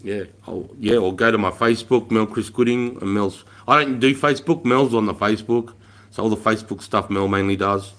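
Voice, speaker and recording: Brisk, with a lowish voice, an Australian man in his forties chats casually as a livestream host. He's blunt and rambling, swears freely, calls everyone mate, and often trails off quietly.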